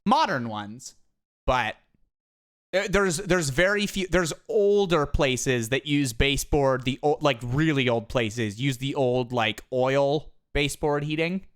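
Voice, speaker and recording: A streamer with a smooth, resonant voice, talking in a casual live-stream manner. The delivery rambles, full of restarts and animated little asides. The talk comes from a home office setup. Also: medium pitch, takes it slowly.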